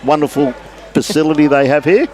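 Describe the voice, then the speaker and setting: A man's voice: on the high side, a little fast, darkish tone. Chatty Australian man calling lawn bowls. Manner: chatty, greets online viewers by name. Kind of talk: live sports commentary. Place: outdoors at a bowls club green.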